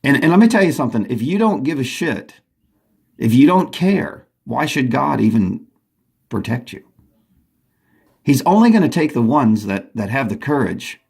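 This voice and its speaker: A man's voice: medium pitch, very animated, normal speed, vocal fry, darkish tone, slightly rough. A man delivering an urgent, agitated monologue from home, often restarting his sentences. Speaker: vlogger. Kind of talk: rambling monologue to camera.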